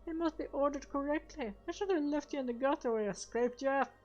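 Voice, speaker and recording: A woman's voice: medium pitch, moderate pace, lightly acted. A woman voicing a haughty, scolding male goblin gunner, with dull audio and game music behind her.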